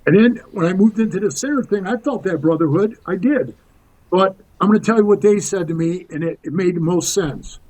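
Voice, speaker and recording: A man's voice: sits high, expressive, fairly quick, darkish tone, low-quality recording. A man in his sixties telling rambling, tough-talking stories as a podcast guest, calling the host "bro.". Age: 60s. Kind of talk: casual storytelling interview.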